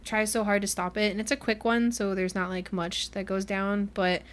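A woman's voice: medium pitch, moderate pace. Chatty young woman recapping a novel. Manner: chatty, animated retelling, acting out characters' lines. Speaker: book club podcast host. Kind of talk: casual chat recapping a book.

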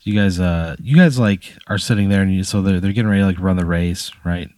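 A man co-hosting a comedy podcast, telling a drawn-out story, swearing freely and laughing along. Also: sits low, a little mellow, dry recording, studio quality. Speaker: podcast co-host.

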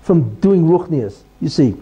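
A man's voice: fairly high pitch, expressive, a little slow, dark tone, slightly rough, muffled recording, soft background music. A man giving a Torah lesson in a conversational way, asking rhetorical questions and explaining terms. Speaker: religious teacher.

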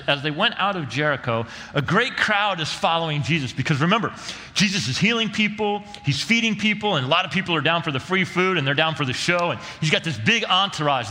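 Animated preacher man in an echoing hall. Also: a little high. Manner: conversational, acts out quotes, casual slang. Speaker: pastor. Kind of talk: sermon.

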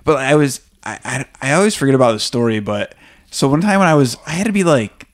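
A man's voice: medium pitch, animated, quick pace. A man co-hosting a podcast, asking questions and telling a childhood story in casual chat. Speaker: podcast co-host.

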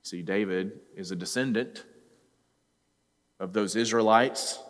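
A man's voice: on the low side, takes it slowly. A man preaching a sermon as a pastor, earnest and talking straight to his listeners, rising at times to pleading cries. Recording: long hall reverb.

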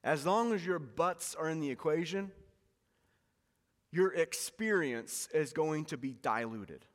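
Male pastor, sermon delivery, lively storyteller, church hall reverb. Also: fairly high pitch, measured pace. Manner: animated storytelling preacher, repeats key lines.

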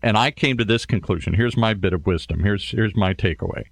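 A middle-aged man talking casually as a radio show guest, telling his story in an animated way. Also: on the low side, a little fast, creaky, no room sound.

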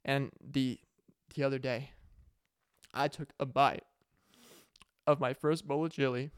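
A young man hosts his own podcast alone, rambling from jokes to heartfelt memories and tripping over his own restarts. His voice is smooth and clean. The sound is dry and close, with no room around it. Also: medium pitch, level tone, takes it slowly, long pauses, dry recording. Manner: rambling, joking, emotional, with many restarts and fillers. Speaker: podcast host. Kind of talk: casual solo podcast monologue.

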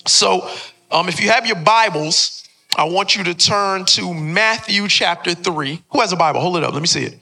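A man's voice: fairly high pitch, lively intonation, a little fast, creaky, bright, forceful tone, breathy edge. A young man preaching a sermon as a pastor in a church, joking and trading call-and-response with the congregation. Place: church sanctuary before a congregation.

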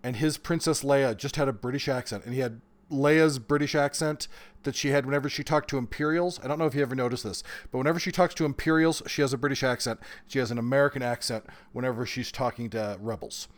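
A man in his forties, an author talking as a guest in a casual interview, animated and quick to laugh. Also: medium pitch. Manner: animated storyteller, bursts of laughter.

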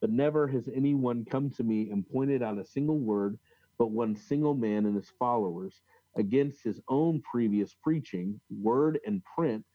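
A podcast co-host with a mid-range voice, recorded dry and lo-fi, joins a casual conversation about religious history. He reads old accounts and quotes aloud haltingly, with many fillers and restarts.

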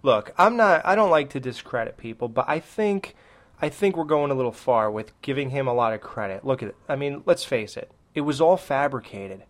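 A man's voice: medium pitch, fairly quick. Opinionated man in a movie podcast. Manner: animated, opinionated, many "like"s. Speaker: podcast co-host. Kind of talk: casual movie review chat.

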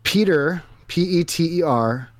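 A man's voice: a little high, lively intonation, a little slow, no room sound. A man making a prank phone call, hesitant and repetitive, with a falsely soothing tone. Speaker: prank caller host.

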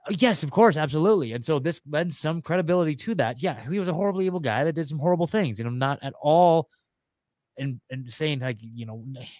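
A man's voice: on the high side, lively intonation, fast, a little mellow, dry recording. Rambling man talking conspiracy on a podcast. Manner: rambling and conspiratorial, many fillers and restarts. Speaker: podcast guest. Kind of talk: casual podcast conversation.

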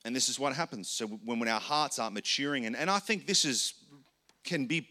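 Male pastor, bright forward tone, earnest and conversational, repeats words as he thinks. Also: medium pitch, expressive, fairly quick. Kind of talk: sermon teaching.

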